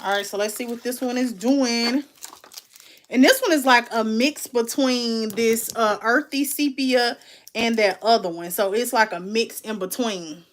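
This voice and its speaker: A woman's voice: fairly high pitch, a little slow. Chatty woman reviewing makeup. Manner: chatty, candid, calls viewers baby and y'all. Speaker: beauty vlogger. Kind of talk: casual product unboxing review.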